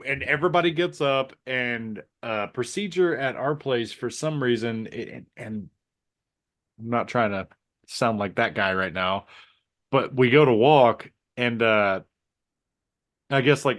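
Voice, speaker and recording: A man co-hosting a podcast, telling a story with animated energy, acting out quotes and laughing often. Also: medium pitch. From Southern Indiana. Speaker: podcast co-host. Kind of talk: casual storytelling chat.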